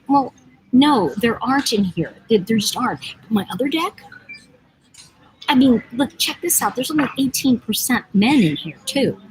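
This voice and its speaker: A woman's voice: a little high, animated, measured pace, a little hiss or hum, poor audio. A woman from the United States hosting a casual livestream from an airport lounge, rambling and teasing as she reads out viewer comments. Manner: rambling, chatty, digressive, teasing. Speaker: livestream host and oracle deck author.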